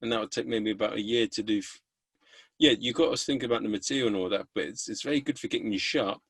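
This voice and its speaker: A man's voice: lowish voice, quick pace, a bit bright, slightly rough, no room sound. A man with an English accent hosting a comedy podcast, chatting casually and sharing blunt opinions. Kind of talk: casual podcast chat over a video call.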